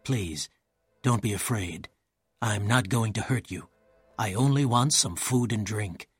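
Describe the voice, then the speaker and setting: A man voicing a gallant masked male outlaw, speaking low, hushed and gentle. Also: a little slow, husky, dry recording, soft background music. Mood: calm.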